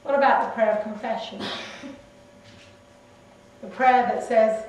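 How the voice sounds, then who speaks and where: A woman's voice: a little high, fairly even intonation, a little slow, distant mic, dull audio, a little hiss or hum. Woman preaching in an echoey hall. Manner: conversational, acts out quoted prayers softly. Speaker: guest speaker. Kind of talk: sermon. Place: church hall.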